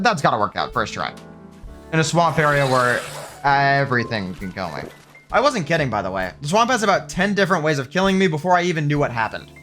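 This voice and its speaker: Excitable young man, lively gaming commentary. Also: a little high. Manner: excitable, swears often, sarcastic asides. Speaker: gaming video creator. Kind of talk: game commentary with scripted narration.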